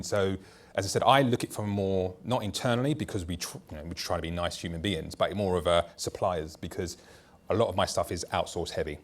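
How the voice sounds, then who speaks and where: Deep-voiced blunt startup founder. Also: male voice, a little fast. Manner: blunt, anecdotal, talks in long loose runs. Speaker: startup founder and CEO on a conference panel. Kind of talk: candid panel discussion.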